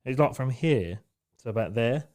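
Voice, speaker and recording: A man co-hosting a casual podcast, blunt and quick to swear, laughing through his own work stories. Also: mid-range voice, animated, darkish tone. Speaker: podcast co-host. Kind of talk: casual chat.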